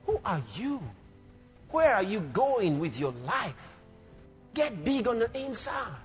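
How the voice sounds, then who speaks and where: A very high-pitched man preaching with fervor, breaking into shouts and playing out little scenes. His voice rings through a long hall reverb and sounds dull and muffled, with faint music underneath. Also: big pitch swings, slow pace. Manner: fervent, shouting bursts and acted quotes. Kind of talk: sermon. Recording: dull, echoey hall recording.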